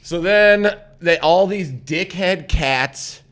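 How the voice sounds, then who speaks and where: A man's voice: high-pitched, slow pace, a bit bright. A man co-hosting a morning talk show, retelling a story in a rambling, profane manner. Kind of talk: casual chat.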